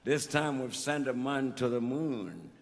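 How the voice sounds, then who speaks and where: A man's voice: medium pitch, lively intonation, a little slow, gravelly, voice pushed down. A man onstage voicing a smug male official in a joke he tells the crowd. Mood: boastful. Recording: live concert in a reverberant venue.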